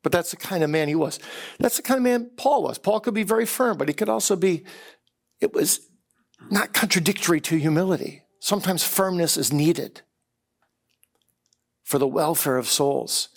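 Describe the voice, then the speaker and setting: A man delivers a chapel sermon at normal speed in a fairly high, gravelly voice, leaving long pauses. His storytelling is earnest, and he repeats words as he builds with excitement.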